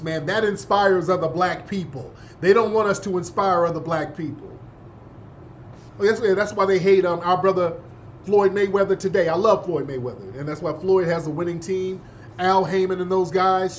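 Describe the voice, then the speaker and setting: With a voice that sits high and a little hiss or hum in the audio, a man hosts a talk show. His monologue is emphatic, full of repeated points and "yeah?" prompts to his listeners.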